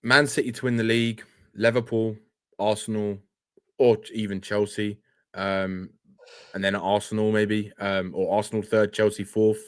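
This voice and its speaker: Measured male fan caller, dry sound. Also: lowish voice, little pitch movement, no room sound. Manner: measured, hedging, repeats himself. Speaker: fan guest. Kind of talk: casual fan call-in chat.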